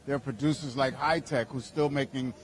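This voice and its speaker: A man's voice: mid-range voice, fairly even intonation, a little fast. A man being interviewed at an event, speaking earnestly and with enthusiasm, often adding "you know". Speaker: interview guest. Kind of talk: conversational interview.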